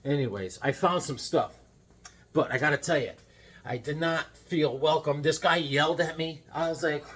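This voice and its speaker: A middle-aged man vlogging about comic books in a casual, rambling way, full of restarts and animated retellings. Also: on the high side, husky. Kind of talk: casual chat.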